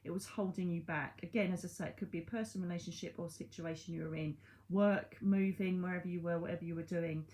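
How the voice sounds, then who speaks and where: A woman's voice: lowish voice, steady tone, fast, a little mellow. Chatty lady doing a card reading to camera, reassuring, bit of hiss behind. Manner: chatty, reassuring, laughs at herself. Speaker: psychic medium reading cards.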